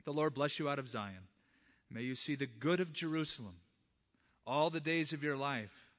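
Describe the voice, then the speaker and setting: Earnest preaching pastor, bright man's voice. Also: on the high side, moderate pace. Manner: earnest, directly addresses fathers in the congregation. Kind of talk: sermon.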